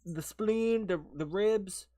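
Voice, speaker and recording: A man's voice: high voice, takes it slowly, warm tone. A man in casual banter beside a streamer, telling puns and mimicking voices. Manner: jokey, tells puns and does mock voices. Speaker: streamer's companion.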